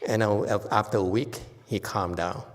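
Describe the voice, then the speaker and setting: A male Buddhist monk giving a dharma lecture. He tells stories in an animated way, repeats himself and keeps checking "okay?" with the listeners. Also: lowish voice, moderate pace. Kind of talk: dharma lecture, anecdotal storytelling. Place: temple lecture hall. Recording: reverberant hall.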